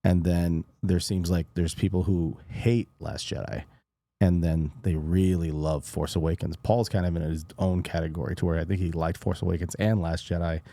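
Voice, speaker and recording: Deep, mellow man rambling on a podcast. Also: fairly even intonation, vocal fry, no echo. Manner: rambling, halting, many restarts. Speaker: podcast host. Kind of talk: casual chat.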